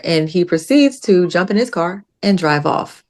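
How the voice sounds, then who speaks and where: Low-voiced woman telling a story. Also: moderate pace, few pauses. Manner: animated retelling with acted-out quotes. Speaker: podcast guest. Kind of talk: casual podcast storytelling.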